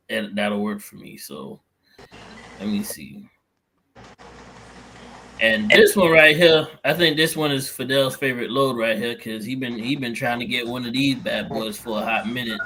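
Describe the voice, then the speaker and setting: A man's voice: medium pitch, sharp tone. A truck-driving man hosting a livestream, talking in a laid-back, slangy way. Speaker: streamer host, truck driver. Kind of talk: casual livestream talk.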